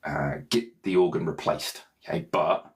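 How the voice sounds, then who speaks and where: A man's voice: deep voice, steady tone, unhurried. A man, a meditation teacher and author, talking casually and loosely to viewers, often checking in with "okay?". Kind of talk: casual rambling talk to viewers.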